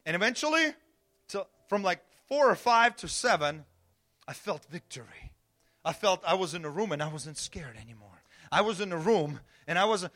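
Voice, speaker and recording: Male pastor, high bright voice, storytelling sermon that dips to a hush and climbs to shouts. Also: animated, normal speed. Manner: storytelling, swings from hushed to shouting.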